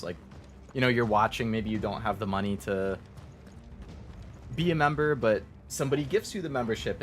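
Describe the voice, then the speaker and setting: A male streamer chats loosely while he plays a game, rambling through thoughts and padding them with "like". His voice sits a little low. Faint game music plays underneath. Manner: chatty and rambling, many "like"s. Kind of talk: casual game stream chat.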